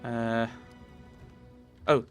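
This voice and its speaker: A man's voice: mid-range voice, level tone, extremely slow, over music. A man casually commentating his game playthrough, rambling with lots of restarts. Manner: rambling, chatty, many fillers and restarts. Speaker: let's play host.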